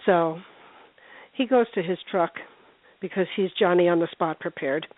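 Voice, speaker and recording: An older woman, a paranormal investigator, telling ghost stories in a chatty, animated way during a phone interview, putting on voices for the people in them. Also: on the low side, unhurried, no echo. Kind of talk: casual phone interview storytelling. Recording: tinny phone line.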